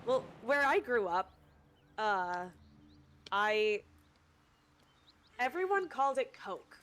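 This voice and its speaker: A woman's voice: a little high, sing-song, slow pace, fairly bright tone. Chatty woman streaming a co-op game. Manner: chatty, rambling, lots of fillers and restarts. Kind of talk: casual live-stream chat.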